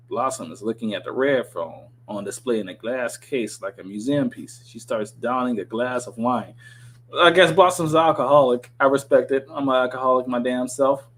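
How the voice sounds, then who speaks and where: A man's voice: medium pitch, a little fast, a bit bright, a little hiss or hum, low-quality recording. A man reading a TV script aloud on his podcast, breaking off into profane, sarcastic commentary.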